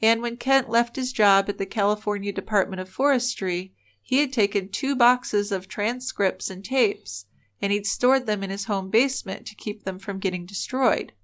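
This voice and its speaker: Speaking at a moderate pace with a medium-pitched voice, this podcast co-host walks through a true-crime case casually. She tells it earnestly and doesn't hold back her opinions.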